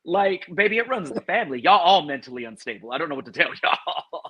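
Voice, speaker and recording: A man on a review panel, animated and sassy, laughing often. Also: on the high side, fast talker, breathy edge, rough recording. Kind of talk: casual pop-culture review chat.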